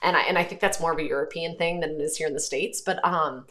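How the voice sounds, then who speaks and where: A woman in her thirties with a slightly low voice, chatting casually on a livestream as she reads out viewer comments. She rambles, fills pauses with ums and corrects herself mid-sentence. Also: a bit bright. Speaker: host.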